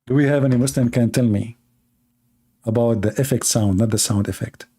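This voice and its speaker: Sarcastic man, mellow voice. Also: mid-range voice, fairly even intonation, fairly quick, breathy edge. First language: Arabic. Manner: sarcastic, teasing, broken English. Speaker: livestream host. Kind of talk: mocking live-stream commentary.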